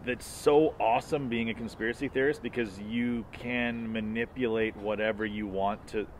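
A man's voice: medium pitch, steady tone, normal speed, slight background noise. A man co-hosting a casual comedy podcast, riffing and swearing, breaking into voices to act out people. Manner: profane, riffing, mimics voices in quotes. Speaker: podcast co-host.

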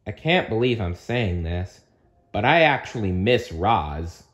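A man's voice: fairly low pitch, big pitch swings, a little slow, a bit bright. A man reading a storybook aloud, voicing a big, good-natured male monster boss with an earnest, flustered delivery.

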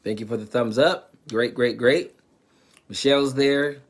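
A man's voice: mid-range voice, steady tone, a little slow. A man, a pastor, reading scripture aloud on a live stream and adding brief asides to the viewers.

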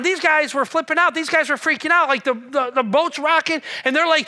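Man, pastor, sermon, very high voice, lively storytelling. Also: normal speed, few pauses. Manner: animated storytelling, acts out voices, asks the room questions.

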